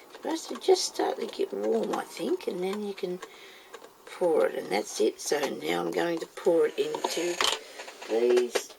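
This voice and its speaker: A woman with a fairly low, creaky voice speaks in an animated but unhurried way over background noise. In a casual how-to video, she demonstrates making moulds, talking herself through each step and scolding herself by name.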